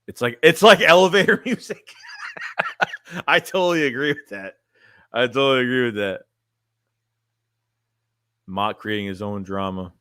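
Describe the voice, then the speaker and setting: Bright-voiced, blunt man streaming casually. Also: mid-range voice, lively intonation, normal speed, pauses often, clear, resonant tone, no echo, clean studio sound. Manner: blunt, rambling, repeats and restarts phrases. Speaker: sports fan streamer reading chat. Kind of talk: casual livestream chat.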